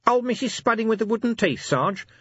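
A man's voice: high voice, animated, brisk, sharp tone, no room sound, muffled recording, voice pushed up, heavily acted. A man voicing an eager, anxious, scruffy young male corporal who speaks in a wide-eyed way.

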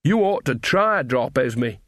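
A man's voice: medium pitch, big pitch swings, a little slow, no echo, clean studio sound. A man voicing a jolly, hearty older woman witch with a folksy way of talking.

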